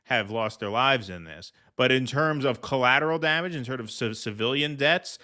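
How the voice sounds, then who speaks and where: A man's voice: mid-range voice, normal speed, sharp tone. A man hosting a casual political commentary stream, blunt, sarcastic and profane. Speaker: host.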